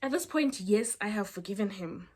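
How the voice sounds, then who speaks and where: A young woman, telling a storytime in a chatty, animated way with asides to her viewers. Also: medium pitch, normal speed, husky. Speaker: storyteller vlogger. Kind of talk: casual storytime chat.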